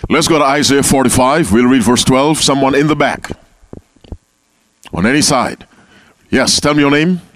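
A man's voice: medium pitch, moderate pace, pauses often, fairly bright tone. A man leading an interactive Bible class, calling on members by name and repeating key phrases. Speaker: Bible teacher.

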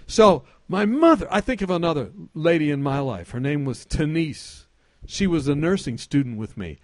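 A man preaching a sermon to a congregation, moving between loud emphatic calls and quiet, intimate storytelling, with jokes for the crowd. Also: fairly high pitch, no echo.

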